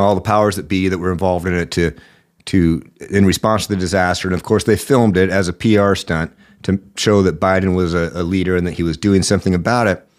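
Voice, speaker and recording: A man hosting a political podcast, giving indignant commentary with a sore throat. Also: deep voice. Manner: indignant, rising emphasis. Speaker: podcast host.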